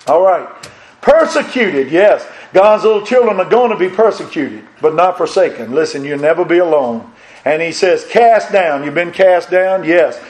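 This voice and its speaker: An older pastor preaches a folksy sermon, his slightly high voice climbing on emphatic lines. He keeps putting questions to his congregation. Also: expressive, moderate pace, rough recording.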